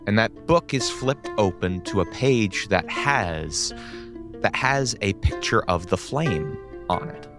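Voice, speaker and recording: A man's voice: lowish voice, expressive, takes it slowly, over music. A man narrating as game master of a tabletop role-playing game, in a wry, laid-back way.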